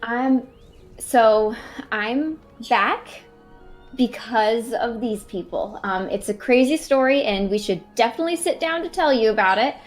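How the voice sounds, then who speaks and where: A woman's voice: on the high side, unhurried, soft background music. Giggly woman playing her character. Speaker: player. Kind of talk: playing a character in a tabletop game.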